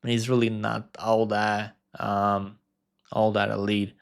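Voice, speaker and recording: Smooth-voiced man rambling through fight picks. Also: on the low side, little pitch movement, slow pace. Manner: rambling, filler-heavy, frequent restarts. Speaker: MMA predictions host. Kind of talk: casual fight-pick commentary.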